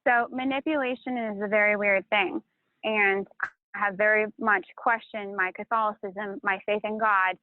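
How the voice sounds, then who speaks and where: A woman's voice: medium pitch, steady tone, normal speed, dry recording. A woman talking emotionally and casually, swearing and rambling about a painful breakup. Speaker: channel host. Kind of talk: emotional confessional chat. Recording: tinny phone-like line, dry.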